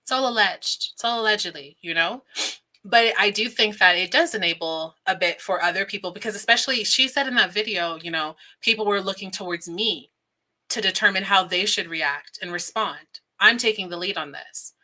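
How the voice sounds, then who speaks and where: A woman's voice: medium pitch, moderate pace, bright, forceful tone. A woman hosting a casual livestream, chatting, laughing often and reading viewer comments aloud. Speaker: livestream host.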